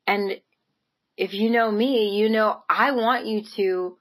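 A woman's voice: medium pitch, slow pace, a bit bright, poor audio. A woman giving an earnest, encouraging motivational talk, speaking casually with frequent "like" and "right?" and laughing lightly between phrases. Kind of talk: motivational monologue to camera.

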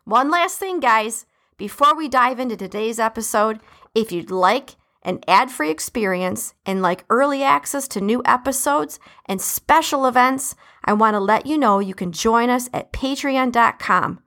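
A podcast host with an American Midwestern accent reads her intro and sponsor spot in a chatty, upbeat way, tossing in playful asides. Her voice is fairly high and a bit bright, with lively intonation and a normal pace.

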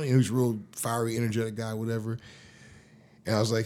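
A man's voice: on the low side, flat delivery, fast, warm tone. A man in his fifties, a former pro football lineman, telling stories in a casual interview in a loose, slangy, profane way.

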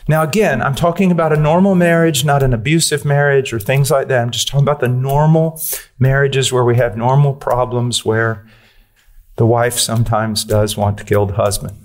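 A man's voice: mid-range voice, fairly even intonation, normal speed. A man preaching a sermon, earnest and direct, pressing his listeners with questions and using blunt, dry humor.

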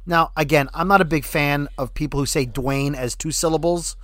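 A man's voice: fairly high pitch, fairly even intonation, brisk, fairly bright tone, no echo. A man co-hosting a casual fan podcast, rambling and joking as he talks. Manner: rambling, joking, self-correcting. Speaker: podcast co-host. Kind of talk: casual fan-show chat.

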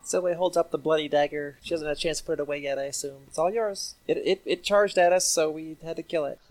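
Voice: mid-range voice, fairly even intonation, quick pace, faint music behind. A player in a tabletop game, talking casually and speaking politely and evenly in character.

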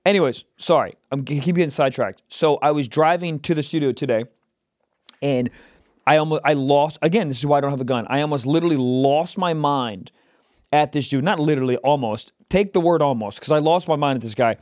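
A man co-hosting a podcast, telling stories in an animated, profane way and shouting out quoted lines. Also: a little high, a little fast, no echo, studio quality. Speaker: podcast co-host. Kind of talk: casual comedic chat.

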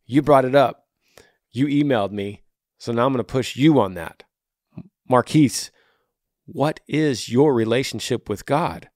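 A man with a tired voice talks as a podcast host, giving earnest, brotherly advice. His pitch sits in an ordinary middle range. The recording is dry and close, with no room sound. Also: a little slow, pauses often, a little mellow, no echo. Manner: earnest, brotherly, pushing the listener. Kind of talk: casual advice chat.

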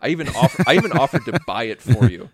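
A man's voice: mid-range voice, sing-song, fast, slightly rough. A man chatting on a podcast, rambling and teasing his co-host in a self-mocking way, filling his talk with "like". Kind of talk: casual podcast chat.

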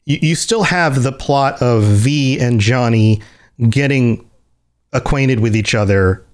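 A man speaks slowly at medium pitch, animatedly relating a game story in casual chat. Along the way he keeps restarting and voices the characters' dialogue himself.

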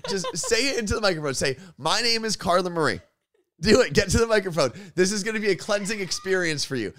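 A man's voice: high-pitched, animated, fast talker, a bit bright. A man co-hosting a podcast in casual chat, teasing and coaxing his co-host. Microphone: podcast microphone.

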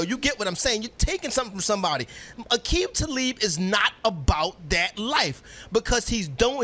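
A man's voice: sits high, sharp tone. A man in casual sports talk, emphatic and slangy, riffing on a football fight.

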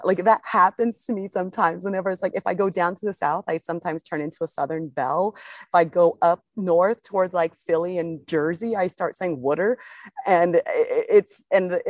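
Young woman co-host, low voice, dry close sound, rambling casual chat. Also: steady tone, fairly quick, dry recording. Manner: chatty, rambling, laughs easily. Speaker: podcast co-host and pro golfer.

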